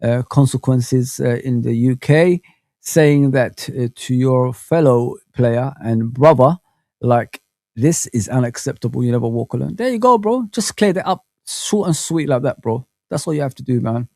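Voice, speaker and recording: A man hosting a live football fan chat, talking casually and reading viewers' comments, with plenty of slang fillers and animated rambling. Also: mid-range voice, unhurried, dry recording.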